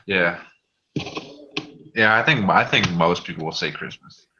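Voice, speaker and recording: A man hosting a casual group chat, relaxed, laughing often and swearing freely. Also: sits low, unhurried, muffled recording, noisy background. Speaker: host of a group call.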